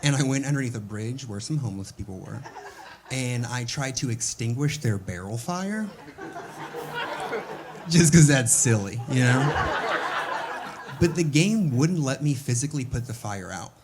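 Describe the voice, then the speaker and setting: A man's voice: medium pitch, expressive, normal speed, pauses often, a loud crowd, heavy background noise. A young male comedian doing stand-up on a stage, in a loose, rambling, offhand way.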